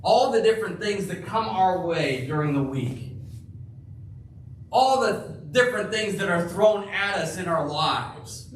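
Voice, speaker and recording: A male pastor preaching a sermon in a church, slow and emphatic, dropping to a hush for key phrases. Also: high voice, lively intonation, slight background noise. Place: church sanctuary. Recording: echoey room, heard from a distance.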